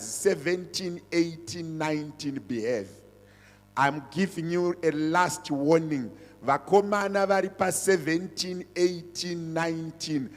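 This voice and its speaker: A middle-aged man, a pastor giving a sermon and church announcements. He is emphatic and repeats his points, switching between languages. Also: fairly high pitch. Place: church hall. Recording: reverberant church hall.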